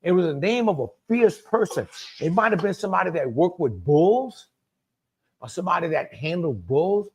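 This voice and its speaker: A man with a Cajun accent walks viewers through a dish live, talking loosely and circling back on his own phrases. His voice sits a bit higher than most men's. He calls out to people in the chat by name as he cooks. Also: very animated, normal speed, breathy edge. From Louisiana. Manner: chatty, repeats himself, talks to viewers by name. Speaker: cooking show host. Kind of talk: live cooking demonstration.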